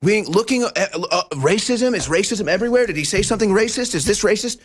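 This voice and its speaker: A man's voice: high-pitched, fast, breathy edge. Emphatic talk-show host man. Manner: animated, emphatic, rhetorical questions. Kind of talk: political commentary monologue. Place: broadcast studio.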